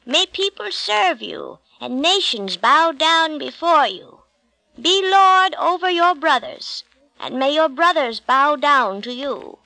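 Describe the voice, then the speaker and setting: A woman's voice: sits high, expressive, slow, vocal fry, sharp tone, dry recording, pitched above the performer's own voice, exaggerated voice, rough recording. A woman voicing Isaac, a blind old father, in a storybook reading, solemn when blessing.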